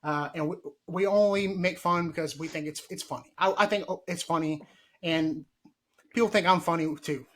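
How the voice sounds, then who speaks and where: A man's voice: a little high, moderate pace, a bit bright. A man hosting a casual gardening podcast, joking and mock-formal. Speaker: podcast host.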